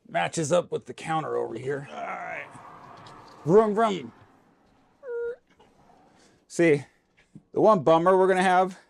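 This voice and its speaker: Inside his RV, a man with a fairly high, gravelly voice talks into a handheld mic as he works. He grumbles casually to himself and his viewers in a folksy, informal vlog style.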